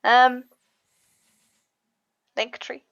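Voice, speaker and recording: A woman game master winding down a live tabletop game stream in relaxed, chatty talk full of fillers and laughs. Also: drawn-out words, no room sound, lo-fi sound. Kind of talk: casual wrap-up chat on a live stream.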